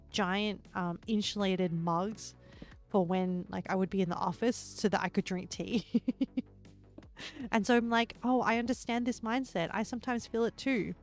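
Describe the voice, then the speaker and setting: A woman livestreamer chatting casually while she builds in a game, rambling and excitable and laughing often. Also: mid-range voice, no room sound.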